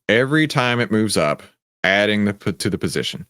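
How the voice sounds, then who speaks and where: Animated low-voiced man hosting a stream. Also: a little fast, no room sound, clean studio sound. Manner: animated, rambling, self-mocking. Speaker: trading coach and stream host. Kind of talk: live Q&A trading stream.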